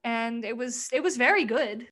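A woman's voice: a little high, moderate pace, a bit bright. A woman in casual podcast chat, rambling through a sketch recap, swearing freely and acting out quoted lines. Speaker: podcast co-host.

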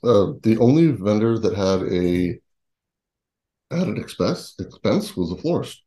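A man's voice: lowish voice, big pitch swings, a little slow, warm tone. A man in casual conversation who adds brief, dry interjections.

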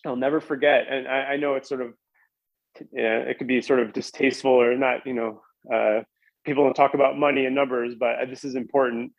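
A man's voice: mid-range voice, little pitch movement, brisk, gravelly, no echo, lo-fi sound. A man casually telling a long story as a podcast guest, rambling with lots of "like" and restarts.

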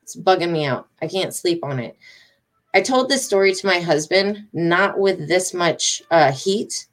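A woman's voice: on the low side, lively intonation, a little slow. A middle-aged woman telling a story casually to her followers, agitated, emphatic and rambling, with swearing. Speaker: vlogger.

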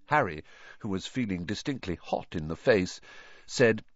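A reader giving expressive scripted narration of a storybook. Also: low-pitched, moderate pace, no echo, highs cut off. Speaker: audiobook narrator.

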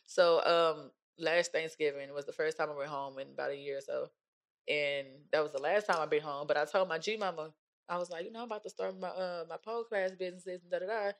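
Young female co-host, relaxed and slangy, storytelling in a casual conversation. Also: low voice, a little fast. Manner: laid-back slangy storytelling, mimics relatives. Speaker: podcast co-host, pole dancer. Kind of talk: casual chat.

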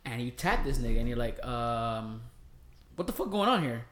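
A man's voice: medium pitch, sing-song, moderate pace, fairly bright tone. A man co-hosting a casual podcast chat, spinning long hypothetical scenes and acting out the lines. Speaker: podcast co-host. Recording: roomy echo.

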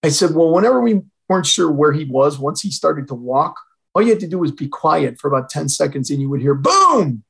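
A man's voice: on the high side, big pitch swings, a little fast, creaky, fairly bright tone, slightly rough, low-quality recording. An older man from Illinois, a retired fire chief, telling a personal story as a podcast guest and acting out the dialogue. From Illinois, USA. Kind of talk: storytelling in an interview.

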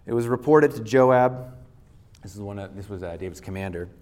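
A man's voice: lowish voice, brisk, darkish tone. A male pastor giving a sermon, retelling a scripture story in casual everyday words and reading verses aloud.

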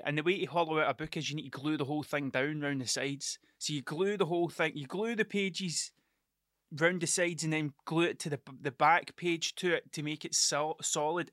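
A man's voice: on the high side, steady tone, fairly quick, a bit bright, dry recording, clean studio sound. A middle-aged man, hosting a casual solo podcast and telling rambling, sweary stories that keep restarting themselves. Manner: rambling, sweary, self-interrupting storytelling. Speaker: podcast host.

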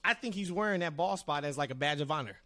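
A man's voice: on the high side, fast talker, dry recording. A man hosting a wrestling podcast, chatting casually and handing the talk to his co-hosts. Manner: animated, steers the talk to co-hosts. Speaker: podcast host. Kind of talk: casual chat.

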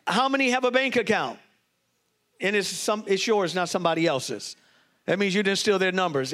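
High-voiced preaching bishop, call-and-response. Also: male voice. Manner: call-and-response with the congregation, excitable and joking. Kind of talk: sermon.

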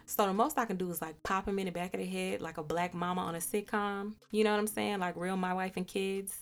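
A woman's voice: mid-range voice, steady tone, a little fast. A young woman hosting a podcast, candidly retelling a personal story with profanity and acted-out dialogue. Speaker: podcast host.

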